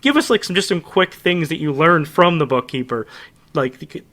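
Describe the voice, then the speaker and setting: Male interview host, bright forceful tone, slightly high voice, halting questions full of fillers. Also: animated. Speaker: podcast host.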